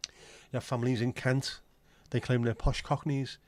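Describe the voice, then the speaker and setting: A man, chatting loosely on a livestream in a mid-pitched voice. He rambles from joke to joke, swears freely and keeps the talk light, in a dry, close sound. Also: little pitch movement, moderate pace, darkish tone, no echo. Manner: rambling, jokey and sweary, slips into silly voices. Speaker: livestream host. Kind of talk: casual livestream chat.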